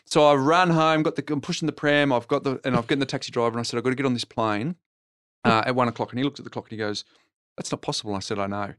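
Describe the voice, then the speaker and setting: A middle-aged Australian man telling rambling, animated anecdotes in a casual podcast conversation. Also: mid-range voice, racing, clear, resonant tone, no echo, clean studio sound. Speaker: podcast guest and TV property co-host.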